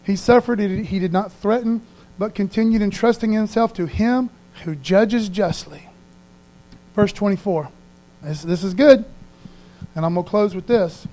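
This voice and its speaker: A man's voice: high voice, unhurried, mellow, poor audio. A man, a pastor, giving a conversational sermon in an informal, earnest way, often checking in with the congregation.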